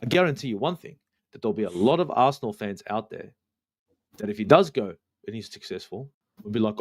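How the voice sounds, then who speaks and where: A man's voice: fairly low pitch, animated, a little fast. A man, ranting passionately about football on a live fan stream, swearing often and repeating his points for emphasis.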